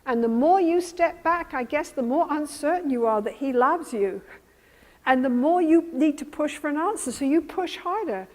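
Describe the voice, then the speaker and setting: High-voiced woman lecturing in a hall. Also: moderate pace. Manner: animated, acts out both partners' lines. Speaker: therapist giving a workshop. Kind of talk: teaching lecture with re-enacted session dialogue. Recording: reverberant hall.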